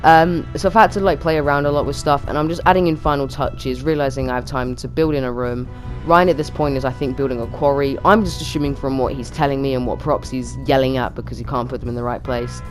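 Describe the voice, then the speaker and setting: A man's voice: mid-range voice, fairly even intonation, soft background music. A man narrating his game build in a casual, chatty way, with lots of fillers and restarts. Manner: chatty, quick, with many fillers. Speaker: YouTuber narrating a build challenge. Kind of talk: casual gaming commentary.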